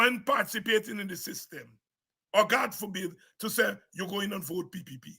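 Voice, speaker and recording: A man with a Guyanese accent giving an impassioned political address as a party leader, forceful and emphatic, repeating words for stress. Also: high voice, moderate pace, creaky, breathy edge.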